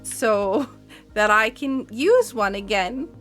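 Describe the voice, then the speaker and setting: Chatty, laughing woman speedrunner, higher voice. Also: lively intonation, slow, a bit bright, faint music behind. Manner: chatty, laughs often, many fillers. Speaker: speedrun player. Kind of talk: live gameplay commentary.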